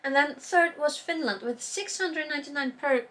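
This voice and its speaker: A woman's voice: high-pitched, moderate pace, pushed and bright. A woman chatting casually about knitting projects, rambling, losing her words and trailing off with fillers. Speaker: knitting vlogger.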